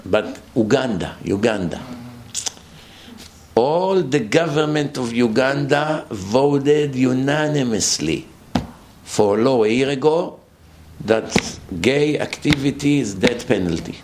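A man's voice: medium pitch, lively intonation, slow, noisy background. A man giving a sermon-style lecture as a rabbi, emphatic and full of rhetorical questions, with his voice swinging up and down for effect.

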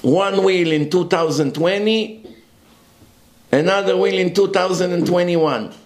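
A man's voice: high voice, measured pace, reverberant. A man giving a religious lecture, emphatic and full of rhetorical questions.

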